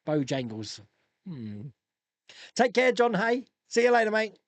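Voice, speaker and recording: A man in his fifties from England hosts a casual live stream, chatting, reading out viewer comments and laughing often. His voice sits high and his pace is measured. The recording is dry, and his manner is chatty and animated.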